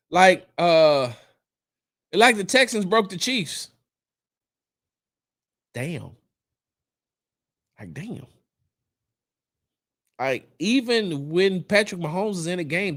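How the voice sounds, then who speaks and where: A man hosting a casual sports talk stream, riffing on games in an animated way and repeating his points for emphasis. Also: fairly high pitch. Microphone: streaming setup, close mic.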